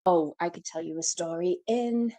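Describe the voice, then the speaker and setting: A woman from Liverpool with a softened Scouse accent, co-hosting a podcast and telling stories in casual chat. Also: on the low side, normal speed. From Liverpool, England. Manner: animated storyteller. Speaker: podcast co-host.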